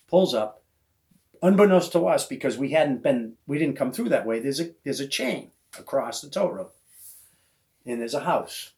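A man hosting a podcast, telling a hunting yarn in relaxed, casual conversation. He talks at an everyday middle pitch and jumps into high, loud voices whenever he plays the other people in the story. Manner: animated storyteller who acts out voices of others. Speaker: podcast host.

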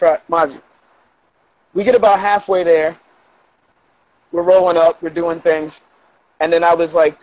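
A man with a notably high speaking voice spins a long tale in a casual podcast chat. He's animated and loose, jumping into other people's lines to act them out. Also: dull audio. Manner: animated, acts out quoted dialogue with profanity. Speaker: guest. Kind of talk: casual storytelling in a podcast interview.

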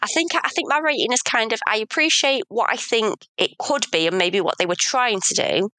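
A woman's voice: on the high side, brisk, bright, forceful tone, no room sound. A woman, co-hosting a casual film review chat, thoughtful and hedging, with self-mocking humor. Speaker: podcast co-host.

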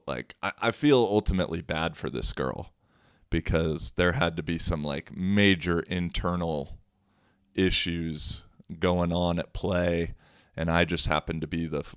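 Deep-voiced man rambling through a story. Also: steady tone, measured pace, smooth, no room sound, clean studio sound. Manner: rambling, frequent fillers and restarts, wry. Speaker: podcast host. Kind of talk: casual storytelling monologue.

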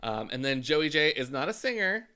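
A man's voice: a little high, very animated, moderate pace, bright, forceful tone, clean tone. A man casually recapping a TV show with a co-host in a playful, teasing way. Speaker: podcast co-host.

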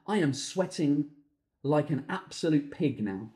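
A man hosts a comedy podcast from his garden home office, launching into exasperated, profanity-laced stories with animated comic energy. His pitch is fairly high and his pace measured, and the room sounds echoey.

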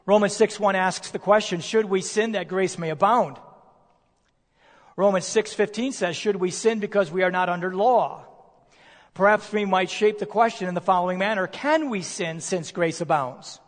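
A male preacher delivering a sermon, emphatic, posing rhetorical questions and slowing down to stress key words. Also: high voice. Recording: long reverb of a large hall.

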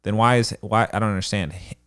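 A man co-hosting a casual late-night podcast, teasing his co-host in a dry, deadpan way. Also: fairly low pitch, quick pace, smooth.

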